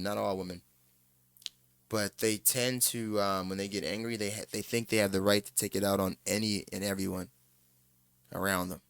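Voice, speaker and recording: A man's voice: lowish voice, bright, forceful tone, smooth, no room sound. A man giving casual reaction commentary, blunt, opinionated and profane.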